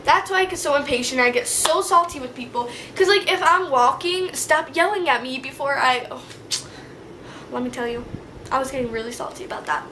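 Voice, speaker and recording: A young woman talks straight to her viewers in a storytime vlog, her voice high and bright. She acts out every quote in a slangy, animated way. There is a faint hiss of noise in the room behind her. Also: brisk, low-quality recording. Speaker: vlogger. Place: indoor room.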